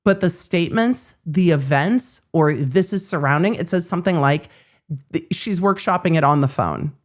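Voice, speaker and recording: A woman in her forties hosts a live legal commentary stream and tells the story as casual chat. She acts out the quoted lines with a lot of animation, and her voice sits a little low for a woman. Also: animated, normal speed.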